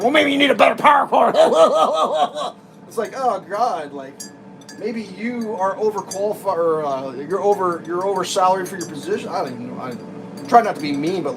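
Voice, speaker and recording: A man's voice: high-pitched, fast talker, noisy background. A man vlogging from his kitchen, telling an exasperated, rambling story with frequent restarts and laughs. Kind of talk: casual storytelling rant. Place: home kitchen, making breakfast.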